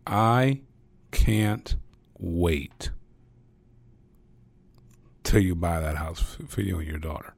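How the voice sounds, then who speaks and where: Slow-talking man hosting an interview. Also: sits low, expressive, vocal fry. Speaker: host.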